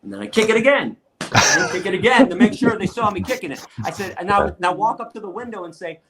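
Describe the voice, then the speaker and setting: A middle-aged man with a somewhat high voice tells stories with heat and no filter. He cusses freely and jumps into other people's voices as he acts out scenes. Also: fast talker, a crowd in the background. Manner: blunt, profane, fired-up, acts out quotes. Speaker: guest lecturer and activist. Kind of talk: animated interview storytelling.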